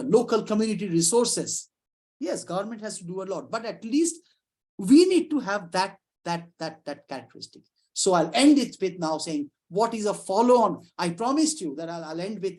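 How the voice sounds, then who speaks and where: Lively woman lecturing. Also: medium pitch. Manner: lively, conversational, frequent restarts and asides. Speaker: psychiatrist giving a talk. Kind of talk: informal lecture presentation.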